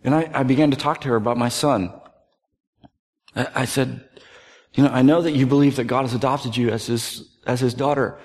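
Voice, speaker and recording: A man in his thirties preaching a sermon, earnest, dropping to soft, hushed tones at tender moments. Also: mid-range voice, fairly even intonation, fairly quick. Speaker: pastor. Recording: long hall reverb.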